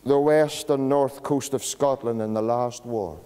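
Pastor preaching in a church. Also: male voice, medium pitch, steady tone, clean tone. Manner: dramatic pauses, sinking to a hush on key words. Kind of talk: sermon. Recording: long church reverb.

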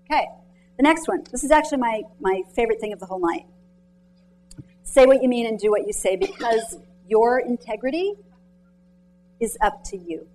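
Chatty, animated woman giving a motivational talk. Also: fairly high pitch, moderate pace, pauses often, a little hiss or hum, poor audio. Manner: chatty, animated storytelling with many "like"s; quizzes the audience directly. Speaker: author speaking to students and mentors. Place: lecture room.

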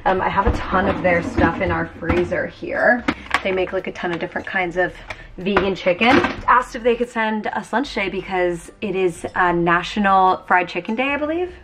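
A woman's voice: medium pitch, moderate pace. A young woman chatting to her vlog camera from her home office, loose and conversational, her sentences full of "like" and "um". She sounds tired. Faint noise sits under her voice. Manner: chatty, lots of "like" and "um". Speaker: vlogger. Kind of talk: casual vlog chat.

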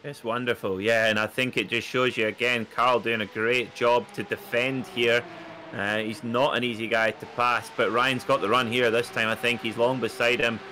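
An excitable man calls a sim race with a bright, forceful voice. He jumps sharply upward at close battles. A faint hiss sits under the recording. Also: moderate pace. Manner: excitable, rises sharply in pitch at close moments. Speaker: co-commentator. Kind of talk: sim racing commentary.

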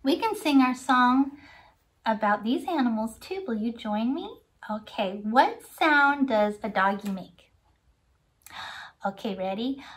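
A woman's voice: a little high, expressive, takes it slowly, pauses often. A woman leading a children's Sunday school lesson, coaxing young viewers to sing along and making animal sounds. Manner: makes animal sounds and gasps of surprise.

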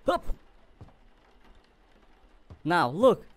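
Excitable woman narrating gameplay, wildly swooping. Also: sits low, takes it slowly, long pauses. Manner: excitable, talks to viewers, simple non-native phrasing. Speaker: gaming video host. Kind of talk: gameplay commentary.

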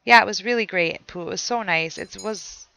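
A woman's voice: mid-range voice, normal speed, gravelly, sharp tone, rough recording. A woman streamer playing a horror game, chatting with her viewers and reading the notes she finds aloud. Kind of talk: casual let's play commentary.

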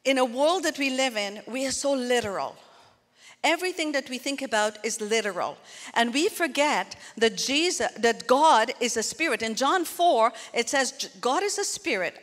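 Lively intonation and a fairly bright, slightly high voice mark this woman pastor's sermon, delivered at a moderate pace. She speaks earnestly and conversationally, frequently breaking to address the congregation. Long reverb fills the church hall.

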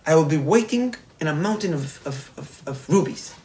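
A man's voice: fairly high pitch, lively intonation, normal speed, dark tone, slight background noise, close to an everyday voice. A man voicing a grieving princess in a told story, reproachful and pleading.

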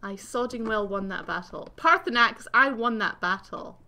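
A woman giving excitable, giggly let's play commentary as the channel host. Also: a little high, normal speed. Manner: excitable, exclaiming and giggling at the game.

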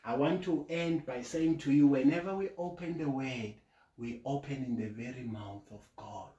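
Male preacher, mid-pitched, earnest sermon delivery, recorded at home in an echoey room. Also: warm tone, muffled recording. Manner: earnest, deliberate, rising to emphatic peaks on key points.

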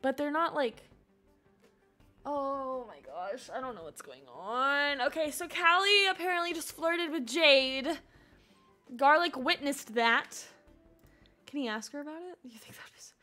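Excitable high-voiced woman streamer. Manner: excitable, shifts between yelling at characters and muttering asides. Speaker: game streamer. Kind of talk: live gameplay commentary.

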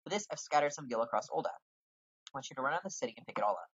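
Man doing a bossy game guildmaster, husky, grand lecturing tone, lo-fi mic. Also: mid-range voice, expressive, very fast, a bit bright, no room sound.

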